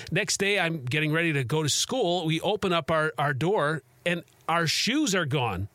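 A man from Chicago hosting a sports radio show, telling stories in an animated, laughing way. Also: on the high side, fairly quick, no echo. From Chicago, USA. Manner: animated storyteller, laughs easily. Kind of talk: casual radio chat.

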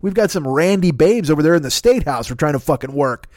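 A man's voice: on the high side, expressive, fairly quick, dry recording, clean studio sound, close to an everyday voice. A man doing rowdy exasperated colonial men. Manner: yelling, exasperated, crude.

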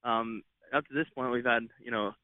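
A man's voice: mid-range voice, fairly even intonation, moderate pace, no echo. A man who drives race cars, chatting in an easygoing way as a guest over the phone, with lots of fillers. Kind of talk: casual interview on phone. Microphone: phone line. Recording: tinny phone line.

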